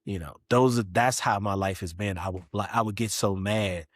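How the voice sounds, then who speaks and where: A middle-aged man telling his own story as a podcast guest, animated, jumping into other people's voices as he acts them out. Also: on the low side, moderate pace, dry recording, studio quality. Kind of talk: candid personal storytelling.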